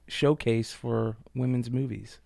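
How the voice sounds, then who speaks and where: A man with a gravelly voice co-hosts a podcast and asks relaxed questions. His voice is recorded close and dry. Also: medium pitch, slow, dry recording. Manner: relaxed, brief interjections. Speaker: podcast co-host. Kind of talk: casual podcast hosting.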